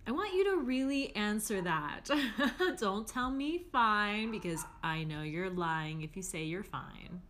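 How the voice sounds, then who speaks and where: Young adult woman, life-coach podcast host; frank, chatty delivery, full of fillers, average pitch. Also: animated, slow pace, a bit bright, slight background noise. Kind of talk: casual podcast monologue.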